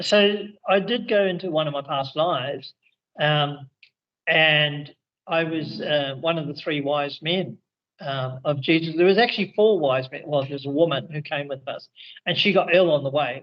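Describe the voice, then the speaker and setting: A man chats over a video call in the evening, his fairly high voice coming through dull and muffled. He rambles, restarting sentences and trailing into fillers as he shares his experiences. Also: moderate pace. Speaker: spiritual teacher and regression therapist. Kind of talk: casual video call conversation. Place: indoors in India, evening.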